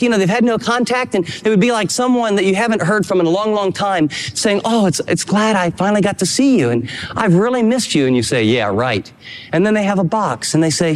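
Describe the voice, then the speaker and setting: Animated preaching man, high lively voice. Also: long reverb tail. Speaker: pastor. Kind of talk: sermon.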